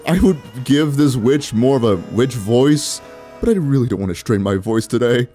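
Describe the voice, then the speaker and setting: Brief: gaming host, playful and jokey, mellow voice, light music underneath. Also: male voice, mid-range voice, animated. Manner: playful, jokey, quick reactions and exclamations. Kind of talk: casual gameplay commentary.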